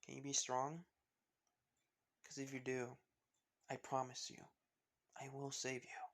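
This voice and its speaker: A man doing a gentle, protective teenage boy. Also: mid-range voice, completely flat delivery, a little slow. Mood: tender. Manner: soft, quiet reassurance.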